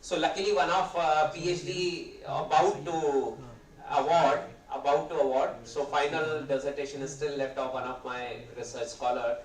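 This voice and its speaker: A man's voice: on the high side, little pitch movement, moderate pace. A man in his fifties with an Indian English accent, giving a rambling, hesitant guest lecture while nursing a sore throat. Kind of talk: conversational lecture. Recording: roomy hall, distant mic, faint ambience.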